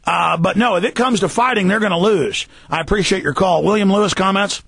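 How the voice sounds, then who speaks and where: A man hosting a talk radio show, ranting emphatically and sometimes rising to a shout. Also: sits high, a little fast, creaky, breathy edge. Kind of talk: heated talk radio rant.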